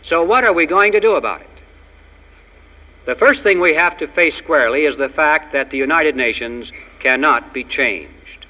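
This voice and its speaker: A man delivers an emphatic political speech with ironic asides, his fairly high voice ringing through a reverberant hall. The old recording sounds dull and lo-fi. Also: expressive, normal speed. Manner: emphatic, ironic, tells jokes. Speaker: public speaker.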